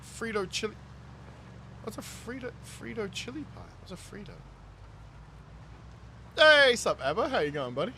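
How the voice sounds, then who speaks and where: Streaming a game, this New Zealand man reads out chat messages and jokes around with them, laughing frequently. He sounds very animated and a little fast, his high voice fairly bright over slight background noise.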